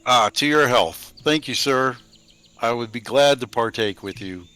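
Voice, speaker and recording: A man's voice: mid-range voice, measured pace, pushed and bright, smooth. Hesitant, polite male player. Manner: hesitant, polite, speaking in character. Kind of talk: in-character role-play.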